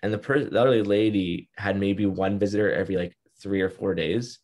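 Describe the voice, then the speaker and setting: A man's voice: low-pitched, steady tone, a little fast, a little mellow. A young man telling his story as an interview guest, in an earnest, reflective way. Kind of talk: casual interview.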